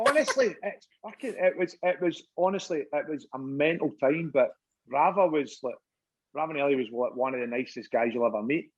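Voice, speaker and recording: The fairly high, slightly rough voice belongs to a middle-aged Scot, once a footballer, who talks fairly quickly. He's chatting casually and telling lively anecdotes full of laughter and swearing, captured with lo-fi sound.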